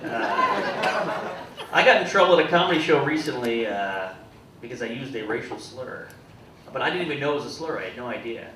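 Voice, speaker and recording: Young male comic in his twenties, dry and deadpan with quick restarts, recorded from afar in an echoey club. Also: medium pitch, far from the mic. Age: 20s. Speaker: stand-up comedian. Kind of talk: stand-up comedy set. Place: comedy club stage. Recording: echoey club heard from afar with loud room noise. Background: audience laughter.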